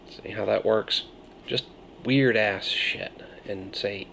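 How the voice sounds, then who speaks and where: Gravelly low-voiced man with a Maine accent. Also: measured pace, a bit bright, a little hiss or hum. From Maine, USA. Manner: rambling, jokey, self-interrupting. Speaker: cider reviewer. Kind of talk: casual product review.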